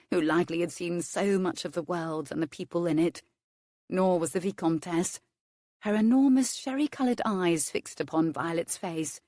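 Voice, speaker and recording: A woman narrating a historical romance in a measured, lightly wry manner on a close studio mic. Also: on the low side, darkish tone, no echo. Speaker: audiobook narrator.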